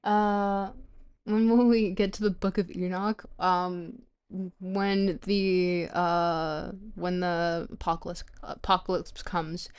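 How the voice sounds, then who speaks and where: A woman's voice: on the low side, fairly even intonation, slow, clean tone. A French-native woman reading a philosophy book aloud on a live stream, stopping often to restart words and check how names are pronounced.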